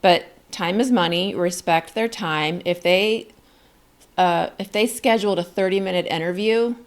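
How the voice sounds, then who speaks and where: A middle-aged woman speaks directly to camera, coaching viewers on job interviews in an upbeat, encouraging and emphatic way. Her voice is lowish and she takes her time.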